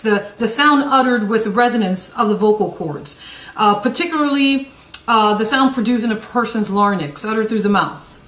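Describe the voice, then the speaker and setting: A woman evangelist preaches with emphatic, restarting phrases, her voice sitting a little high for a woman. The sound carries a roomy echo around her. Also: a bit bright, recorded from a distance. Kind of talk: sermon broadcast with scripture reading.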